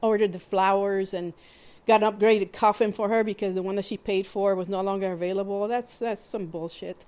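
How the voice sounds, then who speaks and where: A woman hosting a podcast, telling a personal story in a candid, plainspoken way, with halting restarts and fillers. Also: mid-range voice, steady tone, a little mellow. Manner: candid and plainspoken, with mild swearing. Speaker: podcast host.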